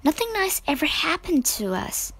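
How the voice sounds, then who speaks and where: A woman's voice: a little high, sing-song, a little slow, creaky, fairly bright tone, slightly rough, no room sound, heavily acted. A woman voicing a sulky, whining youngest sister in a storybook reading. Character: little girl Amy, sulky youngest sister.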